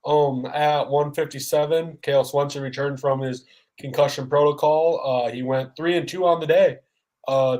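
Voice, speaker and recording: A man co-hosting a casual sports podcast. He talks in a halting way, with frequent ums. His voice sits a little higher than most men's. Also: darkish tone, rough recording. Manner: halting, with many ums while going over results. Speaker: podcast co-host.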